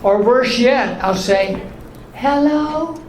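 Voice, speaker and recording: A man in his eighties doing stand-up in a comedy club, telling deadpan one-liners in a voice left high by voice surgery. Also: slow pace. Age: 80s. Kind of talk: stand-up routine. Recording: echoey club with room noise.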